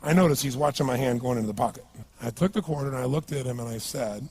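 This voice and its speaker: A man's voice: mid-range voice, fast, darkish tone, husky. A man speaking as a motivational speaker at a live seminar, emphatic and punchy, often asking the audience questions.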